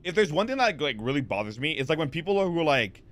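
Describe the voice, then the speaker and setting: A man streaming from a home setup, chatting casually with viewers. He rambles in a lively way, reads chat messages aloud and answers them, with plenty of fillers and restarts, close to a desk mic. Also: fairly high pitch, fast talker. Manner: rambling, animated, lots of fillers and repeats. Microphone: desk microphone.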